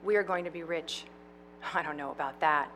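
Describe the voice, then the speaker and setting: A woman's voice: sits low, brisk, a little hiss or hum, pitched below the performer's own voice. A woman reading the part of a scheming, domineering woman in a play, bossy and insistent. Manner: bossy, insistent, rising to shouts.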